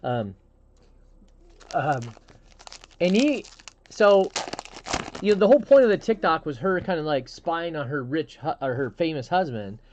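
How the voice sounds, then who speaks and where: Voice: mid-range voice, big pitch swings, measured pace, pauses often, a little mellow, a little hiss or hum. Rambling live stream host, muffled audio. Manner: rambling storyteller, frequent restarts and fillers. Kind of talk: casual live stream chat.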